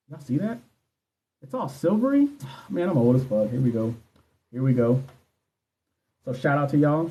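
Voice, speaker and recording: A man's voice: medium pitch, warm tone. Candid cursing man on a dull livestream. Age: 30s. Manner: candid, profane, talks straight to viewers. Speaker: nursing exam coach. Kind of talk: casual livestream chat answering viewer questions. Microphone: phone livestream.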